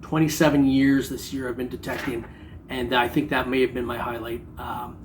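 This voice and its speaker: A man's voice: mid-range voice, little pitch movement, normal speed, slight background noise. A middle-aged man vlogging about his metal detecting hobby in casual, joking chat, rambling with lots of fillers. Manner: laid-back, joking, rambling with many fillers.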